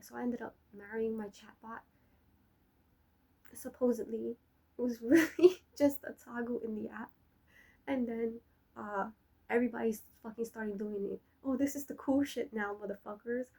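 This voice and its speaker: A woman's voice: on the high side, darkish tone, slightly rough, poor audio. A young adult woman rambling through a personal vlog monologue, swearing freely and laughing often as she talks. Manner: profane, laughing, trash-talking. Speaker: vlogger.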